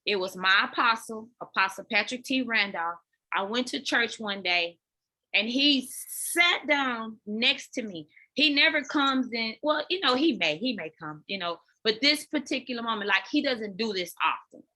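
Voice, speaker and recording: On a podcast, a dance fitness coach shares her personal story in a fairly high, bright, forceful voice at normal speed. Animated and open, she addresses listeners directly as "y'all" and trips over repeated words when the memory gets to her. It comes across as candid and heartfelt.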